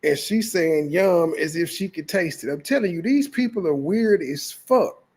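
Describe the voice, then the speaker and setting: A man's voice: fairly high pitch, lively intonation, moderate pace, darkish tone, husky. A man hosting a reaction channel, mocking a clip in blunt, profane commentary. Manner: mocking, blunt, heavy cursing.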